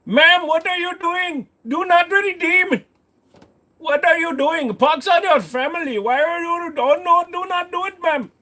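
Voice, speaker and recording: A man's voice: unhurried, pushed and bright, heavily acted. A man doing an insistent phone scammer, pleading and wheedling. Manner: pleading, insistent, high-pitched. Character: pushy male phone scammer, wheedling, relentless.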